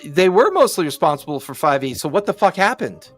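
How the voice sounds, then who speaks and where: Opinionated, playful male co-host with a fairly high voice and faint music behind. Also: very animated, fairly quick. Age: adult parent. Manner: joking and opinionated, acts out little scenes. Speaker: podcast co-host. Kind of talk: casual opinionated chat.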